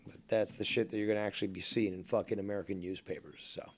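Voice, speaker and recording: A man's voice: lowish voice, fairly even intonation, fast, very noisy. A man chatting casually on a live stream while playing a fishing game, rambling, sarcastic and profane.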